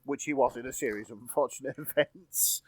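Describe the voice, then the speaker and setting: A man's voice: medium pitch, a little fast, slightly rough. A man with a Yorkshire accent, co-hosting a podcast in casual chat, swearing freely and bantering. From Yorkshire, England. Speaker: podcast co-host.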